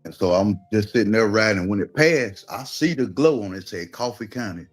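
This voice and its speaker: A man with a Georgia drawl talks through a long personal story in a low, easy voice, slipping into the voices of the people he quotes. Soft music sits faintly behind him. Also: expressive, normal speed. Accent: Southern US, Georgia. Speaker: guest telling his story. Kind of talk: casual storytelling.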